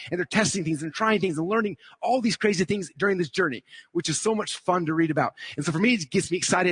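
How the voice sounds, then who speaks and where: A man on stage giving an upbeat motivational seminar talk at a rapid clip, his voice slightly husky. He keeps checking in with the crowd as he explains. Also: a little high, no echo. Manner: energetic, checks in with the audience with frequent "okay?" and "right?". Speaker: seminar speaker. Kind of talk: motivational talk to a live audience.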